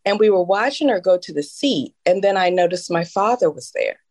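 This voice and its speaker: A woman's voice: on the low side, expressive, a little fast, a little mellow, no room sound. A woman in her fifties co-hosting a podcast, telling a personal story in a heartfelt, emotional way. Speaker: podcast co-host. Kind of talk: casual conversational podcast.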